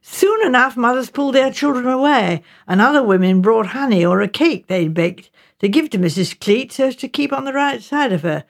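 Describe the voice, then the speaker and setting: A woman reading the part of a calm country doctor who explains things in a patient, measured way in an audiobook. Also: on the high side. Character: kindly country doctor, man, calm and thoughtful.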